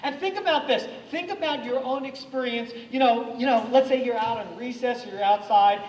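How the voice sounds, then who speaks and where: Guy doing an anti-bullying talk at a school, lively, recorded from far back in an echoey hall. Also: very high voice, moderate pace, slight background noise. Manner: energetic, gets the audience to repeat lines.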